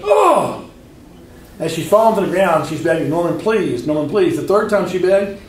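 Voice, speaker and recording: Animated man telling stories in an echoey hall. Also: a little high, distant mic, slight background noise. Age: 50s. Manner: animated storytelling, acting out voices. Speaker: speaker. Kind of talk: personal story talk. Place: lecture hall.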